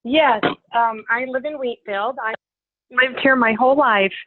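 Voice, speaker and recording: High-voiced woman on a tinny call line. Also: unhurried, dry recording. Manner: chatty, giggly, eager to play along. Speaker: group member in a role-play. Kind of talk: casual conversation on a video call. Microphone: video call. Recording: tinny phone-like video call audio.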